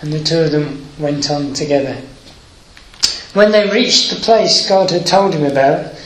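Heard through reverb and poor audio, a man's slightly high voice delivers a sermon. He is moved by the story as he reads scripture aloud and explains it, taking his time, emotional and full of hesitant fillers.

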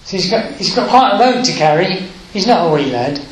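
This preacher has a high, sing-song voice, and the recording is poor, with room echo and a little hiss or hum. Reading scripture aloud and explaining it, he speaks in an unhurried, emotional way with hesitant fillers, clearly moved by the story.

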